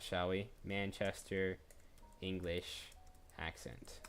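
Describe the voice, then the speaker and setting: Chatty man streaming, low voice. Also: fairly bright tone. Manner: chatty, thinks aloud, laughs at himself. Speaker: voice actor streaming live. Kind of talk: casual live-stream chat. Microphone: desk microphone.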